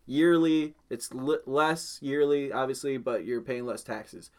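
A man's voice: mid-range voice, fairly even intonation, unhurried. A young man co-hosting a casual podcast, rambling and swearing as he talks. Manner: rambling, swears, laughs often. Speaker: podcast co-host.

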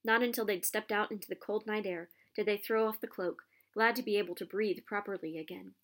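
A woman reading a children's novel aloud with expressive storytelling. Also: mid-range voice, fairly quick.

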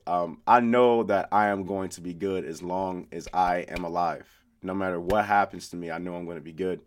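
A young man hosting a solo podcast from a room at home, talking casually and rambling, with lots of fillers and swearing. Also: deep voice. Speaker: podcast host.

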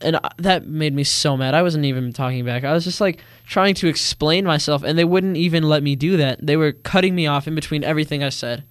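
A man's voice: a little high, a little fast, few pauses, clear, resonant tone, no room sound, studio quality. A teenage boy giving an earnest, indignant account of his own experience in a personal monologue. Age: teens. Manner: earnest, indignant, acts out quoted voices.

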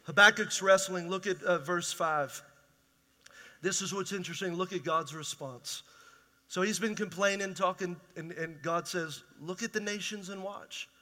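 A man's voice: high-pitched, normal speed, pushed and bright. A man preaching a conversational, emphatic sermon as pastor in a large church hall.

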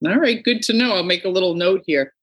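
Middle aged woman hosting a podcast, kinda low voice, chatty and animated, acts out what people said. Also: fast. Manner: animated storytelling, acting out quoted people. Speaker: podcast host. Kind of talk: casual interview chat.

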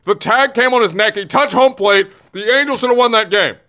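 A man's voice: high voice, fairly quick. A man hosting a sports show, ranting in mock fury and stammering through restarts. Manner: excitable, mock-furious ranting. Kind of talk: comic sports rant.

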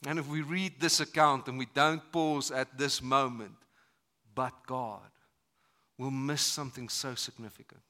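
A man preaching a sermon at a church service, moving between loud emphatic lines and hushed ones. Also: medium pitch, steady tone, normal speed, few pauses. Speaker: pastor.

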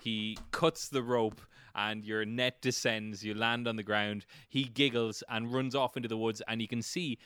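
A man narrating as game master of a tabletop game in a relaxed, playful, descriptive way. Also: lowish voice, normal speed, few pauses, smooth.

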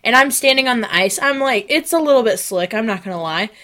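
Young woman, podcast co-host, casual comic storytelling, lively, slightly high voice. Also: fast. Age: young adult. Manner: animated, acts out quoted voices. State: sick, sniffing and coughing.

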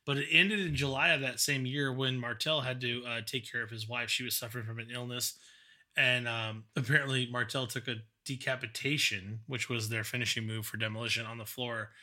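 A man's voice: mid-range voice, fairly even intonation, brisk, sharp tone. A man co-hosting a casual podcast chat, often restarting his sentences as he thinks. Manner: hesitant, repeats words while thinking. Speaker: podcast co-host.

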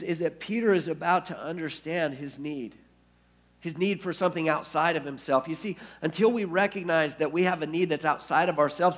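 A man preaching a sermon as pastor, telling the story and acting out the quoted speech. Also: a little high. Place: church.

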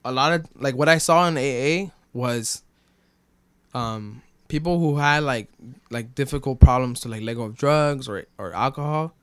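A man's voice: medium pitch, normal speed, a bit bright, clean tone, no echo. A young man telling a story in casual chat, rambling with lots of fillers and swearing. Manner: rambling, many fillers like "bro" and "like", swears freely. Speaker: podcast guest telling his story.

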